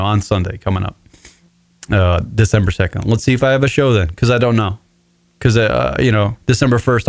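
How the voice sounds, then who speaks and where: A man's voice: mid-range voice, no room sound. A man in his forties hosting a solo radio show from his apartment, talking in a rambling, profane, emotional way. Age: 40s. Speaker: podcast host.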